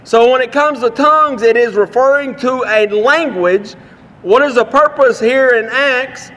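A man from Texas with a Texan accent, preaching a sermon with folksy stories and slowing down to read scripture. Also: extremely high pitch, a bit bright, in a large hall.

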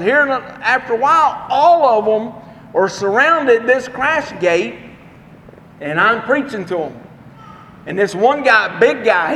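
A man preaching a sermon, telling a personal story in a folksy, earnest way with dramatic pauses. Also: very high-pitched, fairly bright tone. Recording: long reverb, faint background noise.

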